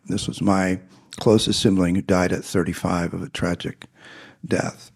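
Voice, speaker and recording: Man, earnest storyteller, husky, goes quiet and hushed at tender moments. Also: sits low, little pitch movement, fairly quick. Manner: earnest, drops into hushed tones for emotional moments. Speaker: speaker giving a personal testimony. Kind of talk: personal storytelling.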